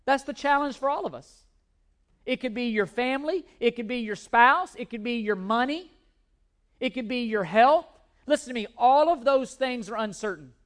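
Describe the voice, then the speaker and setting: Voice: medium pitch, moderate pace. A pastor preaching a sermon in an emphatic way, repeating key words for stress, with self-deprecating humor.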